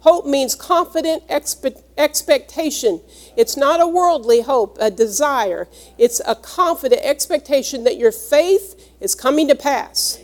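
High-voiced woman preaching earnestly. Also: expressive, unhurried. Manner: earnest, teaching, explains each word. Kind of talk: sermon with scripture reading.

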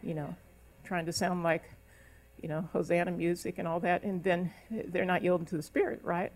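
A woman's voice: on the low side, fairly even intonation, moderate pace, darkish tone. Middle-aged woman pastor preaching, preacherly and emphatic, breaks into tongues. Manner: preacherly, speaks in tongues, rises into emphatic calls. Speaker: minister. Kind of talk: sermon. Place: church service.

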